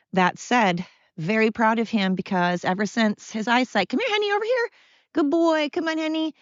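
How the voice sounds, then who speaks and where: Blunt, low-voiced American woman podcaster. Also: dry recording. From United States. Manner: blunt, candid, rambling. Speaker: podcast host. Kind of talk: casual solo monologue. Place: at home with her dogs. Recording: dull, dry lo-fi sound.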